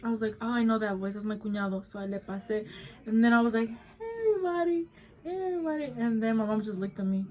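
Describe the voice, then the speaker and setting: A woman's voice: mid-range voice, little pitch movement, fast talker, low-quality recording. A nineteen-year-old woman vlogger telling a story in casual chat, blunt and swearing a lot, switching between English and Spanish mid-sentence.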